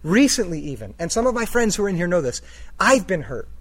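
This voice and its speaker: Man, high-pitched, preaching, storytelling, conversational, asks the audience questions. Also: big pitch swings, quick pace. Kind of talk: storytelling sermon.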